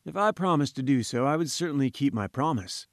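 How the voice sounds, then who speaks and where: A man's voice: medium pitch, expressive, a little fast, no echo, clean studio sound, natural voice. A man doing a polite, wary young engineer. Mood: deferential. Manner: deferential, cautious. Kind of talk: audiobook character voice.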